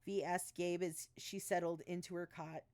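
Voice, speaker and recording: A woman's voice: on the low side, little pitch movement, normal speed, darkish tone. A woman reading her own novel aloud on a live stream, giving the characters light voice shifts and stopping now and then to correct herself. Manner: reads dialogue with small voice shifts, stumbles and restarts, laughs at her own asides.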